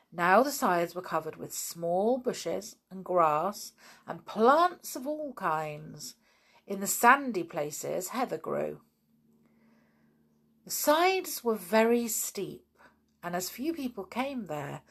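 Slow, lively-voiced woman reading a storybook. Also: mid-range voice, creaky. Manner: chatty, informal asides between passages. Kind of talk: reading a children's book aloud.

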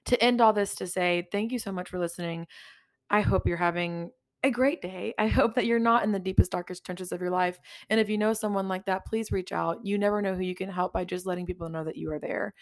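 A woman's voice: medium pitch, steady tone, brisk, no room sound. A woman hosting a podcast in casual heartfelt chat, earnest, swearing freely and repeating herself for emphasis. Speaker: podcast host.

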